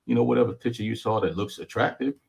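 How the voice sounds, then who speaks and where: A man's voice: on the low side, steady tone, fast talker, vocal fry, husky. A man in his forties with a Newark accent, talking bluntly and joking in street slang on a casual panel. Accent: Newark, New Jersey. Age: 40s. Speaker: panel guest. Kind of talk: casual chat.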